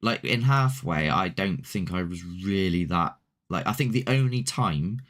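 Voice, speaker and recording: A man's voice: deep voice, lively intonation, measured pace, fairly bright tone. A man, a paranormal investigator hosting a casual chat, rambling and laid-back with mild swearing. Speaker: paranormal investigator and show host.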